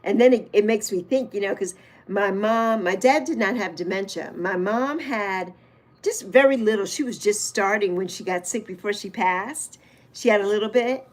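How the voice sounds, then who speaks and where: A woman's voice: medium pitch, moderate pace. A woman in her sixties hosting a casual livestream, chatting fondly and answering viewer comments as she goes. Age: 60s. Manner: fond, reminiscing. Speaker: livestream host.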